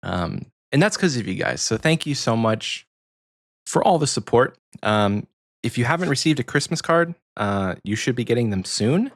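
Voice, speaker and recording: A man's voice: mid-range voice, expressive, moderate pace. An American man co-hosting a podcast, chatting casually and rambling with frequent ums. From United States. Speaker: podcast co-host.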